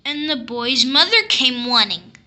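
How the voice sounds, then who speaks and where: A woman reading a classic picture book aloud, telling the story slowly and expressively. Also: high voice, big pitch swings, sharp tone. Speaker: storybook reader.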